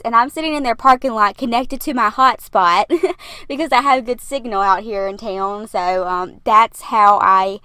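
A young woman records a casual, rambling voiceover from her parked car, short of breath and laughing between thoughts. Her voice sits a little high. The sound is dry and close, with no room around it. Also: sharp tone, clear, resonant tone, no room sound. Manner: chatty, rambling, laughs often. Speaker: YouTuber narrating a build video.

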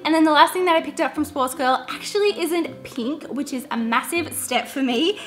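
Young woman, high-pitched, bubbly, giggly, casual vlog chat. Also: a bit bright. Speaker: vlogger. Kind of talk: casual shopping haul vlog.

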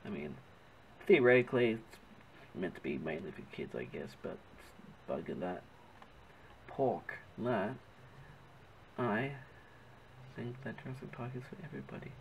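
An Australian man talks through his drawing in a loose, chatty ramble, correcting himself as he hunts for words. His voice is gravelly, with fry in it. A faint background hiss sits under the recording. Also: medium pitch, big pitch swings, fairly quick, long pauses, poor audio. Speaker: artist narrating his drawing. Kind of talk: casual rambling commentary while drawing.

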